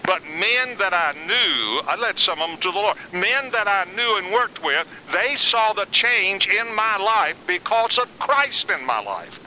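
A man's voice: high-pitched, very animated, measured pace, hardly any pauses, pushed and bright, slight background noise, low-quality recording. An older man teaching a Bible lesson in a folksy, conversational way, mixing in personal stories.

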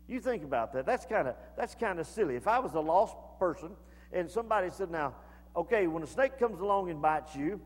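High-voiced preacher man in a reverberant hall. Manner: folksy preaching, builds to shouted fervor. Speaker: pastor. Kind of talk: sermon.

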